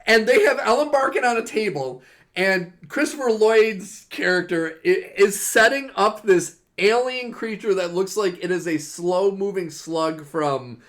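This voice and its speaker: A man co-hosting a casual film review podcast, retelling scenes with animated delivery and casual swearing. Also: sits high, unhurried. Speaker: podcast co-host. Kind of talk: casual chat.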